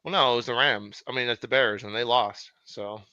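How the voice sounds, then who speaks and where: Man, sports podcast co-host, very bright voice, dry slightly dull recording. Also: medium pitch, no echo. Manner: excitable, swears freely, quick asides. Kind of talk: casual sports chat.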